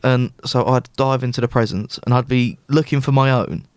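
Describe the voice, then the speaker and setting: Man, mid-range voice, animated anecdote-teller, dry close recording. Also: medium pitch, normal speed, smooth, dry recording. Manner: animated storyteller who acts out quoted dialogue. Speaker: podcast co-host. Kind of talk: casual chat.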